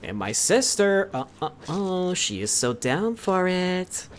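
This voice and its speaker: A man's voice: high-pitched, very animated, takes it slowly, slight background noise. A young man streaming live, chatting casually with his viewers in a rambling way and often correcting himself. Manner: rambling, with frequent self-corrections. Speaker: livestreamer.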